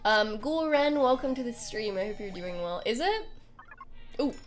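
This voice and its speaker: A woman's voice: a little high, lively intonation, normal speed, soft background music. A young woman streaming a game, chatting casually and giggling as she greets her viewers. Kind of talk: casual live-stream chat during a game playthrough.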